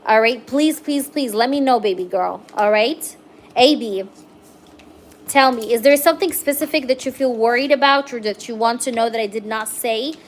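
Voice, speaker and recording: A woman's voice: on the high side, moderate pace, slight background noise. A young woman giving a live-streamed tarot reading, chatty and reassuring, filling her talk with "um" and "okay?" checks. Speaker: tarot reader.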